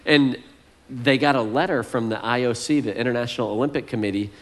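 A man's voice: mid-range voice, brisk. A man, a lead pastor giving a casual, joking sermon to his church. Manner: folksy, joking, conversational.

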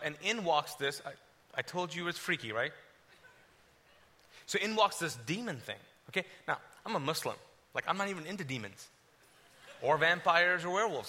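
High bright-voiced man from Kuwait. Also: slight background noise. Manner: animated, acts out his own past dialogue, swings between loud and hushed. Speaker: speaker sharing a testimony. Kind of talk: storytelling testimony to a live audience. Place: stage before a crowd.

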